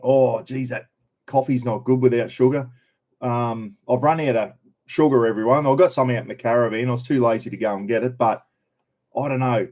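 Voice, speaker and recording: A man's voice: medium pitch, steady tone, a little fast, darkish tone. An Australian man hosting a casual live stream, greeting viewers by name in a chatty, laid-back way. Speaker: livestream host. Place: in a caravan on the road.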